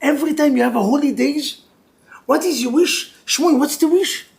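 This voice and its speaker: Man, rabbi, couples class, very high voice, gravelly, animated, joking, non-native English with Hebrew terms. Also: moderate pace. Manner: animated and joking, swings between loud bursts and quiet intensity. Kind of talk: lively religious class for couples.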